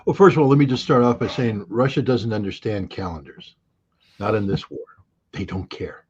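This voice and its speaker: Here is a middle-aged American man talking politics with a husky, breathy edge and a blunt, sarcastic bite. His audio comes through dull and lo-fi, like a remote interview link. He keeps slipping into mocking quotes of other people. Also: lowish voice, normal speed. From United States. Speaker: interview guest, commentator. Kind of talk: heated political commentary.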